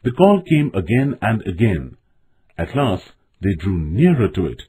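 A man narrating a children's storybook in an expressive, measured way. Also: on the low side, a little hiss or hum.

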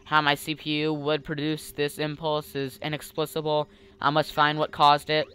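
A woman doing a polite talking computer, formal and precise, puzzling over emotions. Low-voiced and even, the voice of a game's machine character. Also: normal speed, clean tone. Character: polite male computer, curious about feelings.

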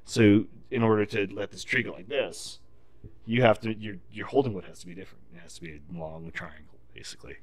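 A man's voice: lowish voice, sing-song, a little fast, creaky. A man in casual podcast chat, telling a profane story and explaining tree felling in technical detail. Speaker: podcast guest.

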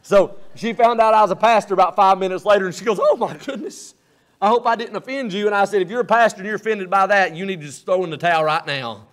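A male pastor, preaching a sermon from the pulpit. He builds to loud, rising bursts, then drops low and quiet. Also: fast, few pauses. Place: church sanctuary at the pulpit.

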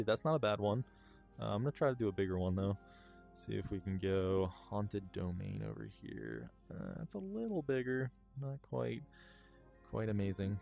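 A man's voice: fairly low pitch, vocal fry, a little mellow. A man giving casual, rambling commentary while playing a VR game, with frequent ums and little chuckles. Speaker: gaming YouTuber. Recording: faint game music underneath.

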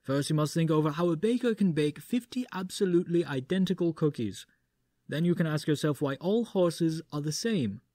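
Audiobook role: man playing a gentle young philosopher with an accent, pitched a bit higher, mellow. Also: sing-song, normal speed, few pauses, no echo, studio quality.

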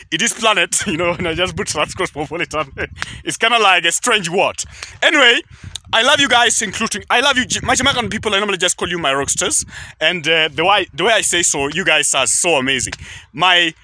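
A man's voice: sits high, sharp tone. A man from Kenya with a Kenyan accent, English not his first language, chatting to camera outdoors in a rambling way with many fillers and restarts. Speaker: YouTube vlogger. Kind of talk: casual chat to camera. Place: outdoors near a highway.

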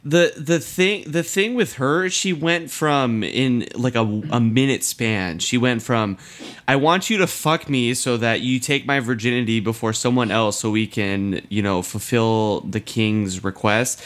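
A young man in loose podcast chat, middle-pitched and conversational. He rambles, swears freely and slips into quoted lines, filling the gaps with "like". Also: measured pace, fairly bright tone. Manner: rambling, profane, acts out quotes with many "like"s. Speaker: podcast co-host. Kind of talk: casual chat.

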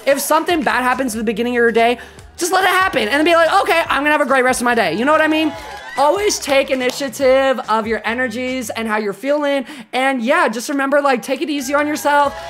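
Woman streamer, gushing and loose sign-off, a bit high-pitched, faint music behind. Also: fast, fairly bright tone, a faint crowd. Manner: affectionate, rambling, swears casually. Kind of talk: casual stream sign-off chat.

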